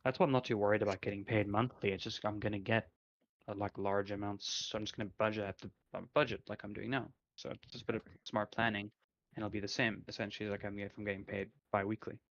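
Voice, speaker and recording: Young male co-host, low voice, chatty and musing, muffled lo-fi mic. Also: level tone, quick pace, fairly bright tone. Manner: rambling, many fillers, reflective. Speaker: podcast co-host. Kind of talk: casual chat. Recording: dull lo-fi sound.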